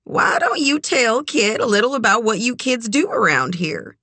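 A woman voicing an eager, meddling aunt who coaxes and scolds in a raised, drawn-out voice. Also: fairly high pitch, very animated, gravelly, pushed and bright, dry recording, pitched above the performer's own voice, exaggerated voice. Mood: coaxing.

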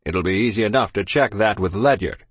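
A stern, silver-haired sea captain, played by a man, with an icy, curt manner. He barks short, snarling questions in a hard, forceful tone. The sound is dry and close. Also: on the low side, fairly quick, slightly rough, dry recording. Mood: cold, snarling. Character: cold, stern older male ship captain.

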